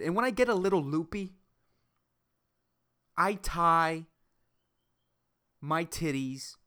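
A woman's voice: low-pitched, a bit bright, clean tone, pitched below the performer's own voice. A woman voicing a blunt older lady, a big TV-watching woman who keeps asking "okay?". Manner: blunt, sassy, repeats "okay?".

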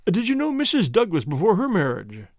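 A man reads as a stern police inspector, pitched noticeably higher than the narration and pressing each question with formal insistence. The voice rises and falls with lively emphasis, and the recording is close and dry, with no room sound. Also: a little fast, dry recording. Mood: probing. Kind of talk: audiobook reading.

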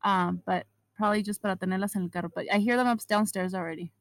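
Brief: woman co-host, relaxed bilingual chat, mid pitch, dry close mic. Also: rapid-fire, no echo, poor audio. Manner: mixes Spanish and English mid-sentence. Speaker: podcast co-host. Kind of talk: casual chat.

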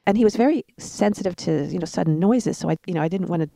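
A woman's voice: fairly low pitch, quick pace, creaky, no echo. A middle-aged woman telling parenting stories in a casual chat, laughing now and then. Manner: warm storytelling with laughs.

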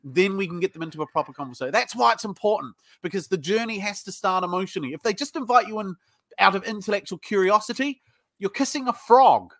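A man's voice: high voice, animated, quick pace, a bit bright, no echo, studio quality. A man with a British accent, a sales trainer telling stories bluntly in a casual interview, swearing freely. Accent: British English.

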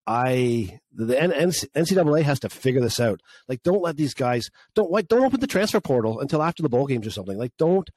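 A man's voice: mid-range voice, a little mellow, no room sound. A man from Canada co-hosting a casual chat, rambling and complaining about sports with frequent restarts. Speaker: podcast co-host.

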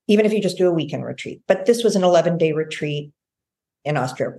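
A woman, a guest healer on a podcast interview, telling a long story in a lively way and acting out what people said. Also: low voice, brisk. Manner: lively storyteller, acts out quoted speech.

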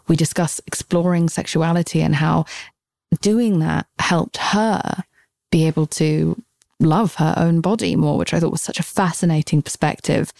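A woman hosting a podcast, her voice hoarse from a cold, talking in an effusive, enthusiastic way. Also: sits low, a little mellow, dry recording. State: sick, hoarse voice. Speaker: podcast host. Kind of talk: podcast intro and interview.

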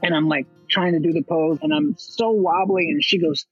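A man's voice: sits high, moderate pace, vocal fry, breathy edge, no room sound, lo-fi sound, soft background music. A veteran and motivational speaker from Baltimore, telling his story with swearing and acted-out quotes. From Baltimore, USA. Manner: animated storyteller with profanity, acts out quotes. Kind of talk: storytelling interview.

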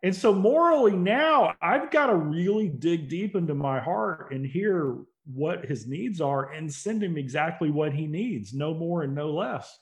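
A man's voice: a little high, animated, measured pace, hardly any pauses. A man speaking as an interview guest, telling stories earnestly and building to emphatic points. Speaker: interview guest, motivational speaker and company CEO. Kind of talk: casual conversational interview.

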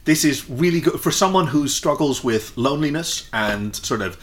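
A man's voice: fairly high pitch, expressive, moderate pace. A man reading fan fiction aloud with a co-reader, breaking off often to chat and laugh. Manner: chatty, laughs often, comments between passages. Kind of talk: casual read-aloud with chat.

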